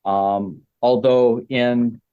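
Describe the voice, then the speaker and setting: A Canadian man teaching beginner English, repeating simple phrases with many pauses. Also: medium pitch, steady tone, smooth, phone-quality sound. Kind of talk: slow, simple explaining for beginner learners.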